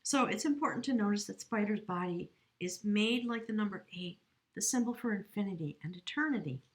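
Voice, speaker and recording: A woman's voice: medium pitch, animated. Emotional woman giving a tarot reading. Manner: earnest, emotional, slow and reflective with pauses. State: choked up with emotion. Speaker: tarot reader. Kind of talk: spiritual tarot reading to camera. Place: home, near a window.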